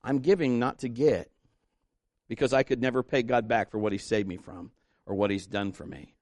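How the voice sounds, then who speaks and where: A man's voice: medium pitch, steady tone, normal speed, darkish tone, no echo, studio quality. A man preaching a fervent sermon and leading an altar call prayer, exhorting his congregation and rising to emphatic peaks. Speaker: pastor.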